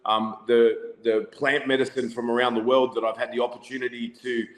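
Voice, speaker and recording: A man's voice: medium pitch, little pitch movement, fairly quick. A man with an Australian accent, a podcast guest telling stories in a rambling, casual way full of "you know" fillers. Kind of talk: casual storytelling. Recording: echoey room with long reverb.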